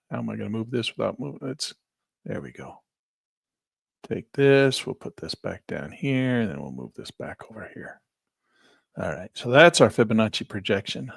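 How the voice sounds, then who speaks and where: A trading instructor with a gravelly, medium-pitched voice runs a live screen-share lesson through a headset mic from a small office near a parking lot. He chats casually and thinks aloud while working through charts, and the sound is close and dry with no room echo.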